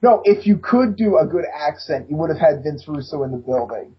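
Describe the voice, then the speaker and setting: A man co-hosting a casual podcast, joking and quick to laugh. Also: a little high, expressive, breathy edge. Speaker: podcast co-host. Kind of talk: casual chat. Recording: dull lo-fi sound.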